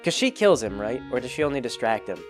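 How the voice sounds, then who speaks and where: A man's voice: mid-range voice, sing-song, fast, soft background music. Rambling, jokey man recapping a movie. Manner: rambling, jokey, full of fillers and self-corrections. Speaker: vlogger.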